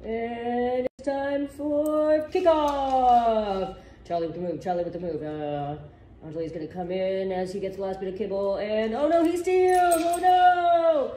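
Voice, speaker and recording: A woman playing an excitable sports announcer, calling the action in hyped running commentary on a phone. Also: on the high side, a little slow, reverberant, slight background noise, voice pushed up, close to an everyday voice, low-quality recording.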